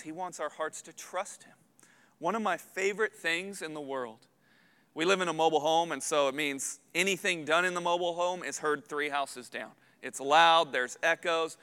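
A man in his thirties preaching a sermon as a pastor, earnest and building to loud emphatic peaks. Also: a little high, clean tone. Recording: long hall reverb.

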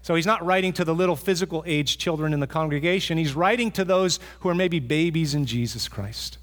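Male pastor, high voice, earnest sermon delivery, long reverb from the sanctuary. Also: a bit bright. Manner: earnest, repeats for emphasis, with pauses and restarts.

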